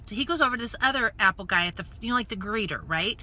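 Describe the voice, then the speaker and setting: A woman from the United States telling a story in a casual, animated live stream, acting out voices and dropping into whispered asides. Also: medium pitch, rapid-fire. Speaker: network marketing coach. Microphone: phone or webcam live stream.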